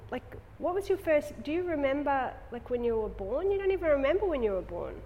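A yoga teacher with a high, narrow voice talks briskly to her class, her pitch swinging widely, on tinny audio with a little hiss or hum in an echoey studio with long reverb. She rambles conversationally, tossing out many tag questions before leading a guided relaxation.

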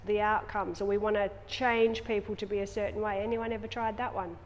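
A woman's voice: medium pitch, flat delivery, a little fast, a little hiss or hum. A woman talking to a yoga class, rambling and conversational, asking the class many tag questions before leading a guided relaxation. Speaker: yoga teacher. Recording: echoey studio with long reverb.

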